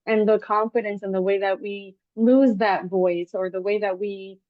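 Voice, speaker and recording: A woman hosts a podcast in an easy, chatty way, sliding into animated quoted asides as she tells her stories. Her voice sits at a middling pitch for a woman. The recording is dry and a little dull, with lo-fi podcast sound. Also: normal speed, dry recording. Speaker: podcast host. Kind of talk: casual interview chat.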